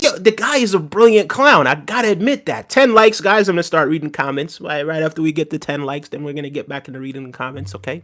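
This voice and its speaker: A man's voice: on the high side, fairly bright tone. A man casually chatting on a live stream about politics, mocking and talking straight to his viewers' messages. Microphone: desk microphone.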